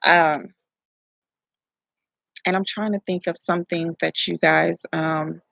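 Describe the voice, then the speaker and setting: A young adult woman, telling a personal story to camera in a candid, profane, animated way. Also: fairly low pitch, slow, vocal fry, dry recording, low-quality recording. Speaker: vlogger.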